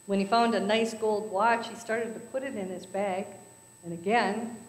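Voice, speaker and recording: A woman's voice: mid-range voice, moderate pace. Woman telling jokes in an echoey church. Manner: storytelling with voices for characters. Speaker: speaker at a church service. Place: church sanctuary.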